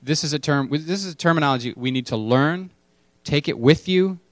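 A man's voice: fairly high pitch, fairly quick, no echo. A man preaching a casual sermon to his congregation, candid and self-deprecating, repeating key words for emphasis. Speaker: pastor.

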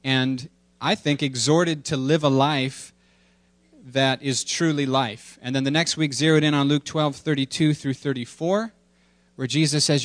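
A man's voice: medium pitch, fairly even intonation, measured pace, dry recording. A male pastor preaching a sermon in a conversational, self-deprecating way.

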